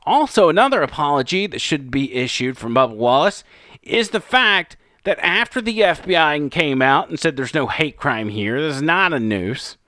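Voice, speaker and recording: Commentator, male, sarcastic and mocking, smooth dry mic sound. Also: on the high side, very animated, normal speed, bright, forceful tone, dry recording. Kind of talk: opinion commentary over clips.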